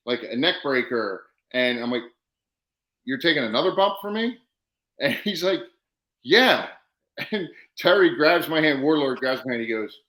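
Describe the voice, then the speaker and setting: Bright-voiced man telling wrestling stories. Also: mid-range voice, reverberant, low-quality recording. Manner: animated anecdotes, acting out quoted dialogue. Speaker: professional wrestler guest. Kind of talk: casual storytelling.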